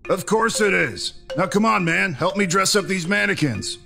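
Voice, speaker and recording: Man doing a cocky gravelly slang-talking crewmate. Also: high voice, lively intonation, moderate pace, music in the background. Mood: dismissive. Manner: casual, slangy, dismissive. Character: cocky laid-back male crewmate, slangy. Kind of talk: cartoon voice acting.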